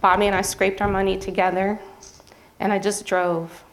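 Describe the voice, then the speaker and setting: Woman lecturer, emotional, earnest, slightly nervous, middle pitch. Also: flat delivery, moderate pace. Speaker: journalism professor presenting her project. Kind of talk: public presentation. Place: campus event venue.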